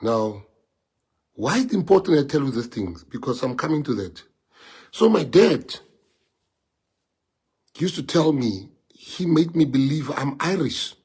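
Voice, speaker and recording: A South African man with a husky voice speaks English as an Afrikaans native, at a middling pitch. He talks to his followers in an impassioned way and keeps repeating rhetorical questions. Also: animated, a little slow, pauses often, darkish tone. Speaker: politician addressing followers. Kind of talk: emotional live-streamed monologue.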